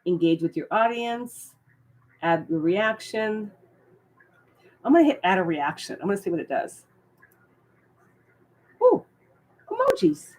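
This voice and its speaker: Excitable woman hosting a live stream. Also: mid-range voice, measured pace, long pauses. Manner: excitable, squealing with surprise, trailing fillers. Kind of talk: casual live-stream chat.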